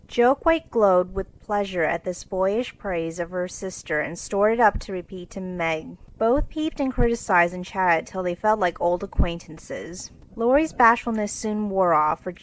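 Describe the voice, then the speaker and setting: A woman narrating a classic storybook for English learners in a clear, measured reading voice. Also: medium pitch, rough recording.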